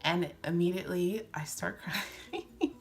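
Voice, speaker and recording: A woman in her twenties chatting excitedly while doing a makeup tutorial, gushing and giggling as she tells a story. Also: on the low side, unhurried. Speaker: beauty vlogger.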